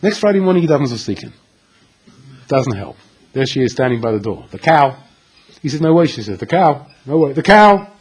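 A man giving a storytelling Torah lecture, animated and acting out the dialogue with dramatic pauses. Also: mid-range voice, husky, poor audio. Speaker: Torah teacher.

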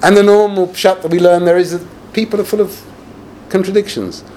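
A man giving a yeshiva-style Torah lecture as a rabbi, animated and sarcastic, peppering his English with Hebrew and Yiddish terms. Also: high-pitched, a little fast, a little hiss or hum.

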